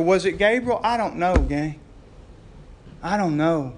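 A man with a high-pitched voice preaches a sermon. He tells the story in a lively way, chuckles often and keeps asking his listeners questions. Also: measured pace. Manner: lively storytelling with frequent laughs and rhetorical questions. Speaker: pastor.

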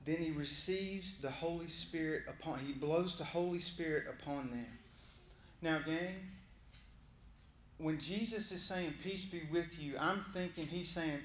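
Man, pastor, animated sermon, high voice, roomy church echo, faint hum. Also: a little slow. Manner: animated, conversational, acting out voices of Bible figures.

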